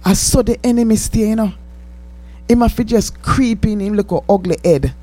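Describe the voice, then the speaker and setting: A woman with a mellow, warm Jamaican voice preaches on the radio. She talks with fervent, pleading urgency and drifts easily into patois. Her pitch sits in an ordinary middle range. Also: normal speed. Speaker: radio host and minister.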